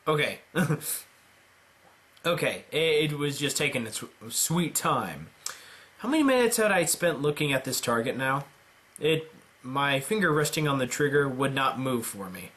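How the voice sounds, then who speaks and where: A man reading a visual novel aloud dramatically, with deadpan joking asides. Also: medium pitch, measured pace, soft background music. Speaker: let's player.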